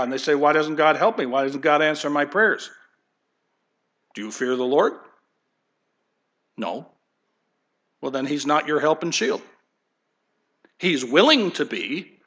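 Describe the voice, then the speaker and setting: A man's voice: a little high, sharp tone. A man preaching a sermon as pastor, emphatic and asking rhetorical questions.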